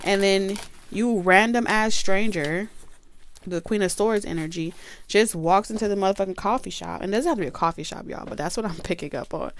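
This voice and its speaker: A tarot reader gives a casual reading in a brisk, medium-pitched voice. She's chatty and emphatic, curses freely and talks straight to her viewers.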